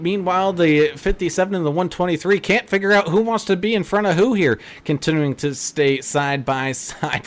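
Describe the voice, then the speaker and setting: Excitable play-by-play caller. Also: male voice. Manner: excitable, jumps high at crashes. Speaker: race commentator. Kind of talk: play-by-play commentary.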